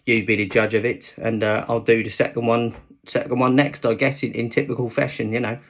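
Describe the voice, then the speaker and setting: A man's voice: mid-range voice, little pitch movement, brisk, natural voice. A man putting on a London accent to play a chatty London bloke who rambles offhand and repeats himself. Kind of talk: accent demonstration, improvised chat.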